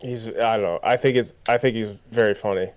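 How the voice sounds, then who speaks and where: A man's voice: lowish voice, steady tone, brisk, clean tone. A young man co-hosting a podcast, talking in a loose, rambling way with many fillers and restarts. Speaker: podcast co-host. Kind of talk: casual chat.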